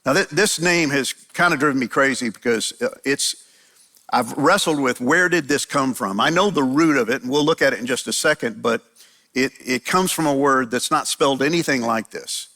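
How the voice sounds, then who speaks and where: A man's voice: mid-range voice, normal speed, sharp tone. A man preaching a conversational sermon, often restarting his phrases. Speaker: pastor.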